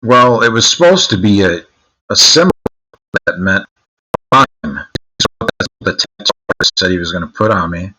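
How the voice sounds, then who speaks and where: Bright, lively joking male streamer. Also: lowish voice, normal speed, husky, faint music behind, poor audio. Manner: crude, joking, mocking. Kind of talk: casual live-stream chat.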